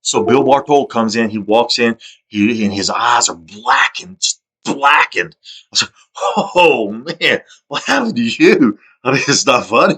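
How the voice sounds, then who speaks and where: A man's voice: medium pitch, sharp tone. A man delivering a rambling, repetitive and aggrieved personal monologue, sometimes dropping to a mutter. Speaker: video monologuist.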